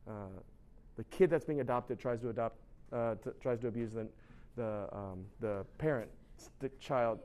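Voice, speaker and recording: At a moderate pace and medium pitch, a man with a darkish tone tells a story during an informal sermon recorded live. He acts out the characters he quotes, uses lots of fillers and restarts, and speaks to a sound tech.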